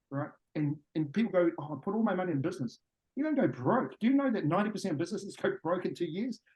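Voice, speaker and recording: Blunt kiwi guy with a new zealand accent, talks real fast, bit high-pitched, swears a lot. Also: poor audio. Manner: blunt, profane, animated. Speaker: guest, business coach. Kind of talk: podcast interview.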